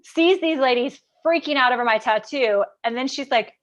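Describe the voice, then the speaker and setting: A woman in her thirties with a higher voice, from Kansas, talking casually to her livestream viewers. She is chatty and animated, and she scatters "like" through her sentences as she tells a personal story. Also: moderate pace, highs cut off. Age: 30s. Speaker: business coach.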